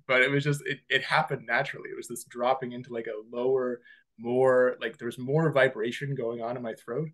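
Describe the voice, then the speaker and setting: A man co-hosting a podcast in casual conversation, rambling and animated, laughing easily. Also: medium pitch. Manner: rambling, animated, quick to laugh, many "like" fillers. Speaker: podcast co-host. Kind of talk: casual chat.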